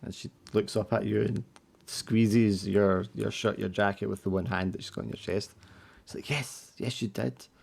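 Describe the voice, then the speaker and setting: A man with a low, gravelly voice narrates a tabletop horror game as game master. He describes scenes loosely and casually, padding with small fillers. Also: level tone, normal speed, darkish tone.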